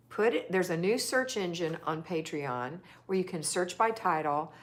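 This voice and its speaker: A woman's voice: on the low side, moderate pace, hardly any pauses. A woman hosting a casual livestream, chatting affectionately and reading viewer comments aloud. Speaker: livestream host.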